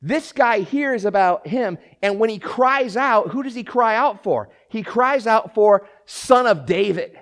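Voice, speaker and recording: A man preaching a sermon as pastor, acting out quoted cries and swinging from hushed asides to shouting, with frequent repeats and restarts. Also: sits high, expressive, measured pace, hardly any pauses.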